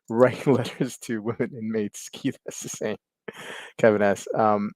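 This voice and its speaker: A man hosting a casual livestream chat, rambling, laughing often, and filling pauses as he reads viewer comments. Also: fairly low pitch, flat delivery, darkish tone, dry recording. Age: adult with kids. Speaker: livestream host.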